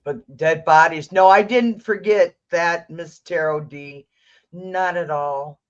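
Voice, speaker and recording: A woman's voice: fairly low pitch, slow. A woman psychic hosting a tarot livestream, ranting bluntly and rambling with restarts. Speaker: psychic tarot reader, stream host. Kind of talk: casual livestream chat. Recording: dull lo-fi stream audio.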